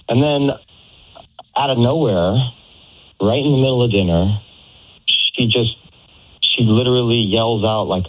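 A man's voice: mid-range voice, unhurried, pauses often. A man on a phone call telling a radio host his side of a date, hesitant, with many fillers. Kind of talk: telling a story over the phone. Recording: phone line.

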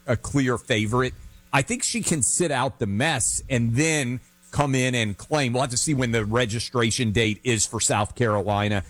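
A man's voice: medium pitch, a bit bright, no room sound. A man on talk radio giving confident political commentary and advice. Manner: confident, advisory. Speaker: radio talk show co-host.

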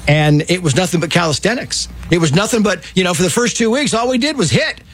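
A man in his sixties, a show guest, telling a story with lively, animated delivery. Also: high-pitched, fast, breathy edge. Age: 60s. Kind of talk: casual storytelling.

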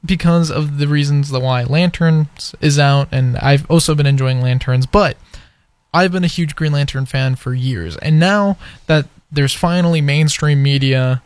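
A man's voice: a little high, a little slow, smooth, dry recording. A young man hosting a college radio show, chatting casually and rambling with lots of fillers into a studio mic. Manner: rambling, filler-heavy, conversational. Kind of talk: casual on-air chat.

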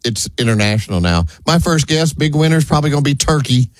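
A man, co-hosting a talk show with wry, deadpan jokes. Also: on the high side, fast talker, no room sound. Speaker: radio show co-host. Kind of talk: casual talk show banter.

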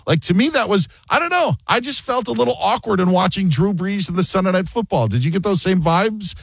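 A man's voice: sits high, a little fast, creaky, few pauses, slightly rough, no echo. A man hosting a sports talk radio show, chatting casually and joking as he acts out quotes. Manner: animated, jokey, acts out quotes.

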